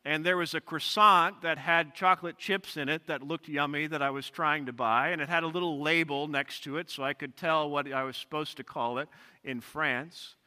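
In a big church sanctuary with long reverb, a male pastor delivers an expository sermon at a moderate pace. His fairly high voice sounds pushed and bright with fairly even intonation as he reads scripture and ties it to personal stories.

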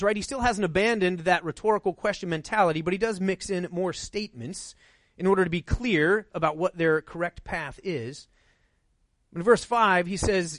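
A man's voice: sits high, dry recording. A middle-aged male pastor preaching a sermon in a conversational way, often checking in with "right?".

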